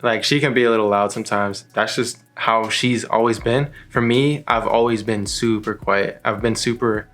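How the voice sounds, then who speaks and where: A soft-spoken man talking calmly and evenly on a couple's vlog. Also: on the low side, moderate pace, hardly any pauses. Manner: soft-spoken, calm, even tempo. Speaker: vlogger, husband. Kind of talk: casual couple chat.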